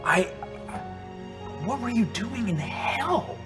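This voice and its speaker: A man voicing a long-lost father who is soft and emotional, choking up in disbelief at a reunion with his son in a tabletop game. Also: fairly high pitch, wildly swooping pitch, brisk, over music. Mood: tender. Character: warm, tender father long thought dead, human.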